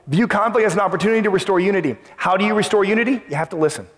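Male pastor, sermon delivery, fairly high voice, emphatic with repeated phrases and sudden soft drops, long hall reverb. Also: animated, quick pace, hardly any pauses.

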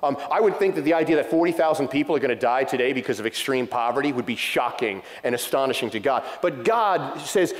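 A middle-aged man delivers a sermon in a large church hall, and his voice echoes with a long reverb. He speaks in a somewhat high voice and tells a story with passion, acting out the lines of the people in it. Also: quick pace, few pauses. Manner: impassioned storytelling, acting out quotes. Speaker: pastor.

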